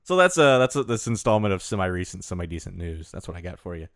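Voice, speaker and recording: A man's voice: deep voice, very animated, quick pace, dry recording, studio quality. A man co-hosting a podcast, chatting casually in a playful, jokey way and laughing often. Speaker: podcast co-host. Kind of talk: casual banter.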